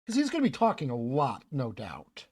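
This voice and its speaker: A man's voice: mid-range voice, huge pitch swings, normal speed, a little mellow. A male streamer reading a game aloud, chatty and self-mocking, swearing as he comments.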